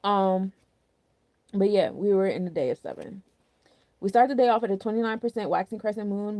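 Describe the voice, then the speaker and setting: A young woman talks through a spiritual forecast in a relaxed, chatty way, full of slang and easy fillers. Her voice has a gravelly, fry-tinged edge with a dark, mellow tone. The sound is dry and close, with no room echo. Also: medium pitch. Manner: chatty and candid, with loose slang and frequent "like". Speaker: astrology and numerology host. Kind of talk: casual spiritual forecast talk.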